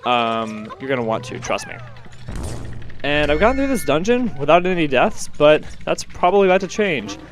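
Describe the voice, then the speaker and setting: A man's voice: fairly high pitch, big pitch swings, normal speed. Young man, out of breath, casual gameplay commentary, rambling and self-correcting, faint music behind. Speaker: let's play host.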